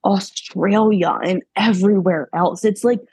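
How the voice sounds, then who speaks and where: A woman's voice: medium pitch, unhurried, a little mellow, slightly rough, no room sound. A woman from Pennsylvania, a podcast guest in her thirties, telling her story candidly in a rambling, filler-heavy way. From Pennsylvania, USA. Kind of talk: casual interview.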